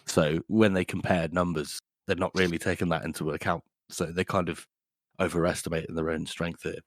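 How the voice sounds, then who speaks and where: A man's voice: low voice, flat delivery, moderate pace, dry recording. A man co-hosting a casual book podcast, who laughs often and swears casually. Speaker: podcast co-host.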